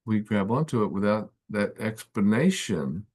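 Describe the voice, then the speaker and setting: A man's voice: on the low side, lively intonation, moderate pace, a little mellow, husky. A man hosting a conversational interview, sounding affirming and thinking aloud with small restarts. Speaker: podcast host.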